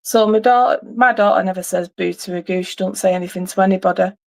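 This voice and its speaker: Middle-aged woman, livestream host, rambling casual storyteller, mid-pitched voice. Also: quick pace, vocal fry.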